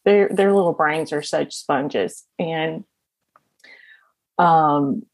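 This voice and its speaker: Woman podcast guest, low-ish gravelly voice, unhurried, chatty, laughs a lot. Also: dry recording. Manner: laughs often while talking; rambling, with many fillers and restarts. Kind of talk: casual interview storytelling.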